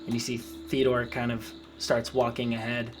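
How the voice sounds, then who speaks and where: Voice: mid-range voice, completely flat delivery, normal speed, music in the background. Game master, casual narration, loose fillers, tabletop game.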